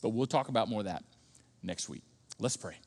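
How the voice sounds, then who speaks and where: A man preaching a sermon as pastor, talking emphatically with frequent restarts and sudden loud bursts. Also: fairly low pitch, animated, brisk, slightly rough. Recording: long reverb of a large hall.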